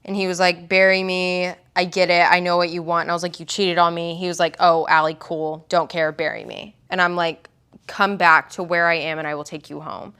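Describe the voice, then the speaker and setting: Bright-voiced young woman, rambling storyteller. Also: on the low side, level tone, fast, smooth. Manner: rambling, heavy use of "like" and quoted dialogue. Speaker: guest, survivor telling her story. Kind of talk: casual storytelling interview.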